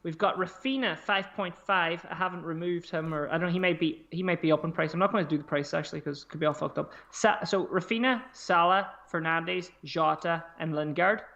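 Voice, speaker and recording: A man co-hosting a podcast in casual chat, chatty and animated, swearing freely as he talks. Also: a little high, brisk, vocal fry, hardly any pauses, highs cut off. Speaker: podcast co-host.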